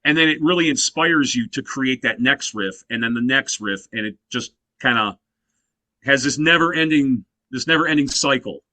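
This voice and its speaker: A man's voice: mid-range voice, moderate pace, bright, forceful tone, dry recording. A man in his fifties, a guest musician in a casual interview, telling stories animatedly and leaning on "you know" fillers. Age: 50s.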